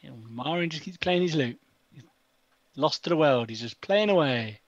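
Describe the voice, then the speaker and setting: A man chatting as a tabletop game player in an easygoing way. His voice is a little high, and the recording sounds dry and dull. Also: animated, normal speed, no room sound.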